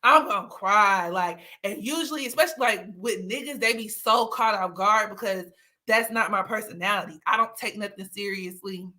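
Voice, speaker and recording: A young woman with a medium-pitched, pushed and bright voice speaks at a moderate pace while hosting a livestream. In casual chat she tells candid stories, laughing often. Now and then she slips into dramatic, teary mock outbursts.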